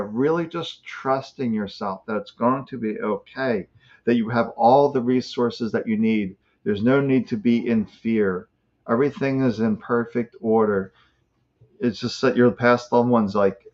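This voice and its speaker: A man's voice: mid-range voice, a little mellow. A man giving spiritual guidance during a live card-reading stream, in a soothing, reassuring manner. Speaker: psychic reader, co-host. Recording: muffled lo-fi stream audio.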